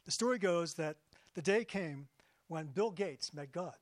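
A man giving a sermon as pastor, conversational and jokey, slowing down for emphasis. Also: fairly high pitch, lively intonation, dry recording.

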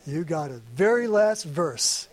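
A man with a high voice preaching to his congregation. He is earnest and conversational, and he slips in playful asides as he goes. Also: very animated, measured pace. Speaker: pastor. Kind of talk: sermon. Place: church service.

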